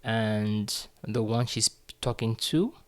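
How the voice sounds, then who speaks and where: A man teaching French phrases, speaking slowly and deliberately and repeating each phrase for learners. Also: lowish voice. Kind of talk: slow, careful language lesson.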